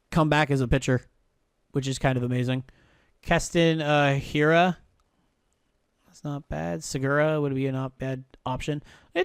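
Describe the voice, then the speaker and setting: A man's voice: a little high, clean tone, dry recording, clean studio sound. A man playing a baseball video game on a live stream, muttering, thinking aloud and swearing freely as he checks player moves. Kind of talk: casual live-stream commentary.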